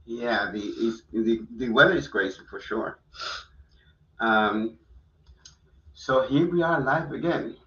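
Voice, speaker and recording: An easygoing man hosting a live chat, his voice bright and forward. He sits back from the mic in a roomy, echoey space, and the audio is dull and lo-fi. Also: medium pitch, slow, long pauses, distant mic. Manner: laid-back, easygoing fillers. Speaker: host. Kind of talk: casual live-stream chat.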